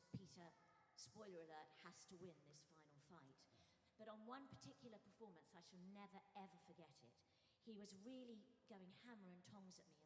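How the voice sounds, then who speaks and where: An older woman giving an anecdotal tribute speech at a memorial service, telling stories in a lively way and acting out moments. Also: medium pitch, a little hiss or hum. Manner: animated storyteller who acts out moments. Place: large church. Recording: echoey church hall with faint music.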